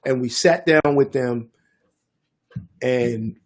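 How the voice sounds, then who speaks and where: An older man, a DJ and producer telling a story in a casual interview, animated and acting out the voices of others. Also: mid-range voice, takes it slowly. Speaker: guest DJ and producer.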